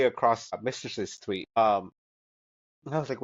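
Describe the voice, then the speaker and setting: A man's voice: medium pitch, normal speed, dry recording, lo-fi sound. A man co-hosting a podcast, talking in a rambling, filler-heavy, casual way. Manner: rambling, many fillers, giggly. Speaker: podcast co-host. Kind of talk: casual chat.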